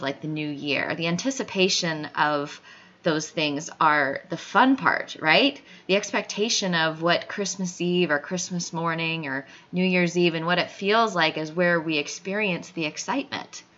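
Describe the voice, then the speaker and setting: A woman's voice: sits low, pushed and bright. A woman hosting a motivational talk and speaking earnestly and encouragingly straight to the listener. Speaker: podcast host. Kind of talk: motivational monologue. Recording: dull lo-fi audio.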